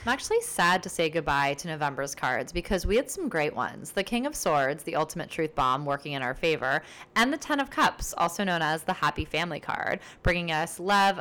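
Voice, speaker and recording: Solo podcast host, female, low-pitched, casual and rambling, friendly energy. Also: fairly bright tone. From based in New York City. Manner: chatty, upbeat, rambling with fillers. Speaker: podcast host and tarot reader.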